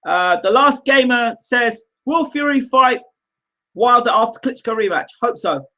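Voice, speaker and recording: A man hosting a casual live show, reading viewer comments aloud in an animated, teasing, rambling way. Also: very high voice, a little slow. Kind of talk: casual livestream chat.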